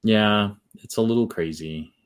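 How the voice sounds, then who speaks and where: A man's voice: fairly low pitch, unhurried, smooth. A man hosting a podcast, chatting casually and rambling with lots of fillers. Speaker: podcast host. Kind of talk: casual chat.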